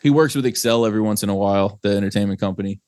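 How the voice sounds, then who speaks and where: A man's voice: lowish voice, racing, a little mellow, no echo, clean studio sound. A young man from New Jersey, a guest, chatting casually on a podcast in a laid-back, rambling way and swearing freely. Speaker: guest, band singer.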